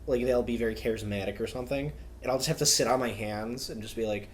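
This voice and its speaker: A young man talks loosely on a podcast, leaning on fillers as he rambles through a story. His voice sits at a middling pitch, with a faint hum of ambience underneath. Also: fairly even intonation, fairly quick. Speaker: podcast co-host. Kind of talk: casual chat.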